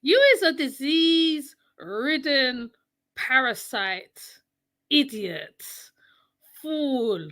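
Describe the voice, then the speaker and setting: High, slow-talking West Indian woman. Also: lively intonation, fairly bright tone. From West Indies. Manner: mocking, scolding, repeats phrases for emphasis. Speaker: channel host. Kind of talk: reaction commentary.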